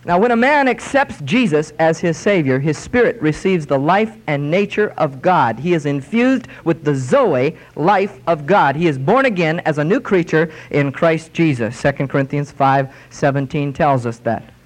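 Emphatic higher-voiced male preacher. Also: lively intonation. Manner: emphatic, slowing and rising on scripture quotes. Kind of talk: sermon.

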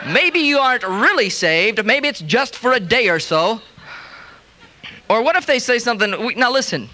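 A middle-aged man preaching a sermon as pastor, animated, acting out the voices of other people as he tells stories. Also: extremely high pitch, a little fast.

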